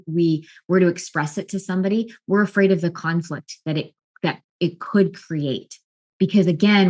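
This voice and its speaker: A middle-aged woman, a life and wellness coach, explaining emotions in a calm, earnest way with frequent restarts. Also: deep voice. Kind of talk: explanatory talk to camera.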